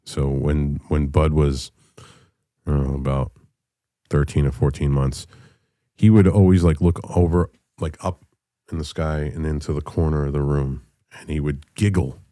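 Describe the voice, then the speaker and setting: A man in his thirties telling a personal story in a candid, profane way, halting often with fillers. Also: very deep voice, fairly even intonation, warm tone, no room sound, studio quality. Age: 30s.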